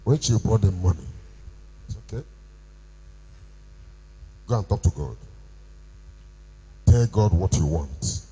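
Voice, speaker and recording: A male pastor preaching a sermon with call-and-response questions, rising to shouts. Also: low voice, lively intonation, takes it slowly, long pauses, husky, low-quality recording. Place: church.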